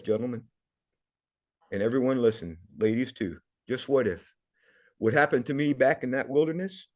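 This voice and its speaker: A man's voice: medium pitch, a little mellow. A middle-aged man, a podcast guest, telling a personal story in an earnest, emotional way, often repeating words.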